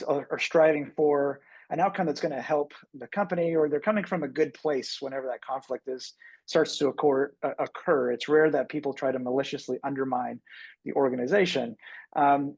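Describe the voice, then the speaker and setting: A man on a discussion panel, speaking in a measured, reflective way with hesitations. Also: mid-range voice, darkish tone, no room sound, poor audio. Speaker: panel guest.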